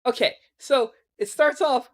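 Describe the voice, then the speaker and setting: A man's voice: very high-pitched, measured pace, a bit bright. A man hosting a casual podcast chat, rambling and sarcastic, swearing often. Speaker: podcast host.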